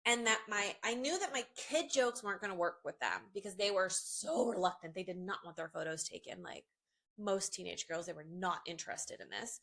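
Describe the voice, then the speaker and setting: A woman's voice: brisk, a bit bright. Bubbly self-mocking woman telling a story. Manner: bubbly and self-mocking, acts out quotes with big pitch jumps. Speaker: family photographer. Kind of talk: casual storytelling to camera.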